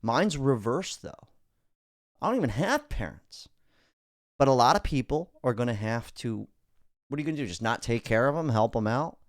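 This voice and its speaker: A podcast host talks bluntly and swears freely. His pitch rises and falls a lot as he swings between loud and quiet. The sound is dry and close. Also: animated, moderate pace, dry recording. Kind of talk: casual podcast commentary.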